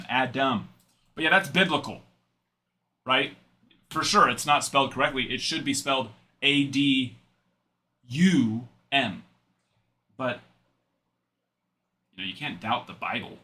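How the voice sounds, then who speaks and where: A man's voice: mid-range voice, measured pace, pauses often, bright, forceful tone. A young adult man hosting a live card-break stream, chatting and rambling in asides while he reads out cards.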